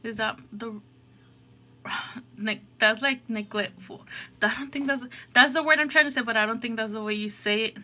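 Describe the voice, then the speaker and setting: Woman vlogging, kinda high bright voice, rambly, says like and oh my gosh constantly. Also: normal speed. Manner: rambling, filler-heavy, lots of "like" and "oh my gosh". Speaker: eating show host. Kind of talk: casual storytelling chat.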